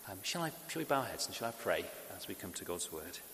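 Halting male preacher in echoey hall. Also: low voice, big pitch swings, a bit bright. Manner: halting, many fillers and restarts. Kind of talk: sermon. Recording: echoey hall with faint hiss.

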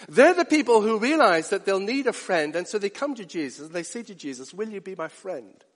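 A man preaching a sermon, earnest, moving from hushed asides up to rising emphatic peaks. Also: high-pitched, very animated, brisk, big-room sound.

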